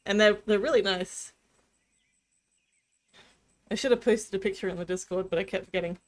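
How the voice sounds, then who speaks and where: A woman's voice: mid-range voice, moderate pace. A woman streaming a game, casually chatting and reading the story text aloud. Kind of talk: casual let's-play narration.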